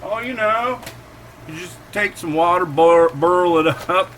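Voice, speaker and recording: Goofy sing-song skit cook, high and bouncy, put on by a man. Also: measured pace, a bit bright, slight background noise, low-quality recording.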